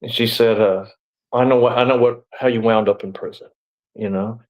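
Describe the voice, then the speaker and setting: A man's voice: mid-range voice, steady tone, normal speed, lo-fi sound. A middle-aged man telling his story as an interview guest, rambling and blunt, full of "you know" and restarts. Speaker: interview guest, former sheriff's deputy.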